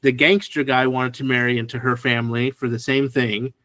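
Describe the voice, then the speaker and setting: A man co-hosting a podcast in casual chat, relaxed and explanatory. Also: medium pitch, a little fast, dry recording. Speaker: podcast co-host.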